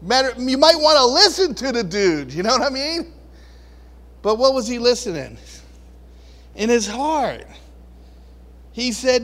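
A pastor preaches a casual, conversational sermon, chuckling often and acting out the voices he quotes. His very high, sing-song voice is unhurried and fairly bright, carried by the long reverb of a large hall.

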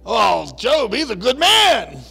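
A preacher acting out a wheedling demon of darkness. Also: male voice, very high-pitched, huge pitch swings, takes it slowly, gravelly, sharp tone, husky, soft background music, voice pushed up, full character voice. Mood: scheming. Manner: wheedling, grasping, gleeful. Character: scheming male spirit of darkness bargaining.

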